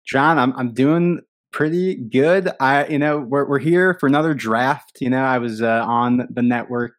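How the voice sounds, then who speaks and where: A man on a podcast panel, speaking in a halting way full of fillers. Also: mid-range voice, no echo. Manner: halting, many "you know" fillers. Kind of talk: casual podcast chat.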